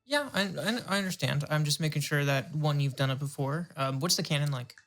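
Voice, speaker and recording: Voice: mid-range voice, fairly bright tone, slight background noise. A player in a tabletop game who asks a lot of questions and halts between words. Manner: questioning, halting. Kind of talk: casual tabletop game talk.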